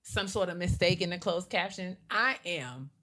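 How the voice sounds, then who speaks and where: Emphatic low-pitched woman co-host. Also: moderate pace, slight background noise. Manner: animated, emphatic, repeats herself for effect. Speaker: podcast co-host. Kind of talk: casual chat.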